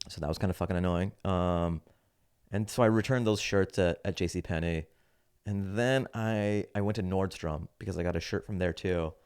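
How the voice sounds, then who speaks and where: A man in his thirties, a comedian hosting his podcast, telling a rant-like story in a casual, animated way and acting out other people's lines. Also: sits low, normal speed, smooth. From United States. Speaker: podcast host, standup comedian.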